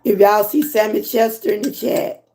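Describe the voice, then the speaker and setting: A hoarse woman from Georgia with a Southern accent, chatting casually with her livestream viewers and reading their comments. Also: mid-range voice, fairly even intonation, mellow. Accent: Southern American. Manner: chatty, drawn-out, talks to viewers as y'all. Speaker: livestream host.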